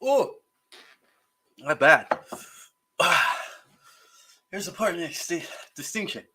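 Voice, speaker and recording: A man hosting a casual livestream while eating hot sauces, his mouth burning and eyes teary, gasping, sighing and groaning between slow remarks. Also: fairly high pitch, very animated, pushed and bright, breathy edge. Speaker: livestream host.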